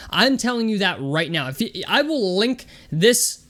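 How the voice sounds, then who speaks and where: A man's voice: sits high, big pitch swings, unhurried, bright, forceful tone. A young man hosting a sports vlog, talking casually and loosely with lots of fillers. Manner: chatty, loose and conversational with many fillers.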